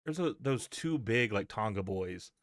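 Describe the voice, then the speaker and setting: A man with a lowish voice talks wrestling in loose, casual banter. He stammers and restarts often and swears freely. The sound is dry and close. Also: expressive, measured pace, no echo. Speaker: podcast host.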